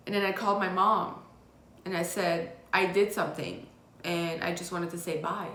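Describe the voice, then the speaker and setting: A woman's voice: fairly low pitch, fairly even intonation, normal speed, a bit bright. Woman telling her story in a roomy echo. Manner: candid and raw, with blunt swearing. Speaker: vlogger. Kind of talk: confessional personal storytelling.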